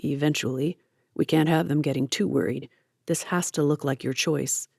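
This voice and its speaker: A woman reading an audiobook, voicing a calm, stern male captor who speaks in flat, clipped, firm sentences. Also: sits low, moderate pace, gravelly, dry recording, studio quality.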